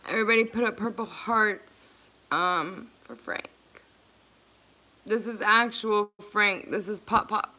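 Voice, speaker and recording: Talking slowly in a medium-pitched voice with a sharp tone, a livestream host addresses her viewers with earnest emotion. She offers them support, repeating herself as she goes.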